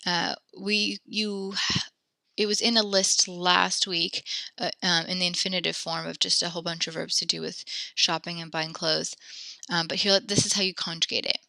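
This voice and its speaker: Woman, French teacher, recorded lesson, fry-edged, dry close sound, lower voice, frequent ums and self-corrections. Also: little pitch movement, moderate pace, bright, forceful tone, dry recording. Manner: explains step by step with many ums and self-corrections.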